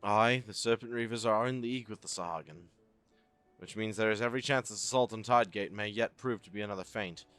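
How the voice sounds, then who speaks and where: A man's voice: fairly low pitch, fairly quick, a bit bright, soft background music, close to an everyday voice. A man voicing a stern, formal male naval commodore in a fantasy game, reading dialogue aloud.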